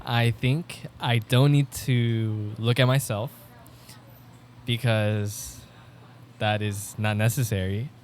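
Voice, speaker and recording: A young man co-hosting a casual podcast in a low-key, deadpan way, trailing off into mumbled asides. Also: slow pace, slight background noise. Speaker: podcast co-host. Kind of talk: casual chat.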